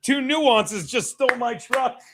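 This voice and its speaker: A man hosting a casual sports watchalong stream, talking excitably with profanity and joking asides to his chat. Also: very high-pitched, slow, heavy background noise. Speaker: livestream host.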